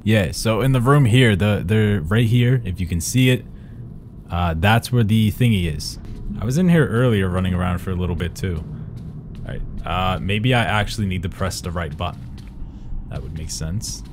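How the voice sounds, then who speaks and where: A young man giving excitable let's-play commentary, swearing and yelling at the game as he plays. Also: low-pitched, moderate pace, a little hiss or hum. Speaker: gaming YouTuber. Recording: game music playing behind.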